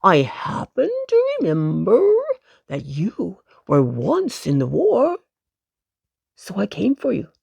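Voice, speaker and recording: A kind, polite old circus dog turned soldier calls out heartily , as a woman reads him aloud. His words come slow and a little gravelly, and the dry close sound keeps him intimate, like a bedtime storybook. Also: on the low side, huge pitch swings, darkish tone, no echo, muffled recording, pitched below the performer's own voice, exaggerated voice. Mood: friendly.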